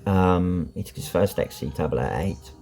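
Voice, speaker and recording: Deep gravelly man, rambling. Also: moderate pace, dark tone, soft background music. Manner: rambling, full of ums and you-knows; blunt and frank, swears. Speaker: vlogger. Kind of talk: candid personal vlog.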